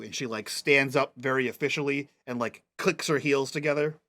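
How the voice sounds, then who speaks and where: A man narrating a tabletop game as game master, halting often as he searches for words. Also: medium pitch, a bit bright. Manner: halting, full of fillers and restarts.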